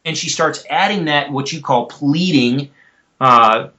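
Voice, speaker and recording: A man's voice: on the high side, unhurried, sharp tone, dull audio. A man, a guest expert on a podcast, explaining things in a methodical, teacherly way. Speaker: guest expert on elk calls. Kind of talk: explanatory interview talk.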